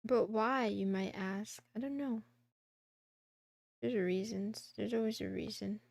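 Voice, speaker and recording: A woman's voice: mid-range voice, a little slow, vocal fry, a little mellow, dry recording, studio quality. A woman streamer chatting casually while she draws a comic, rambling, giggling and joking with herself.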